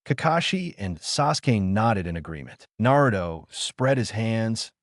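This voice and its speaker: A man narrating a translated web novel audiobook in an animated storytelling manner. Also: lowish voice, measured pace, no echo, studio quality.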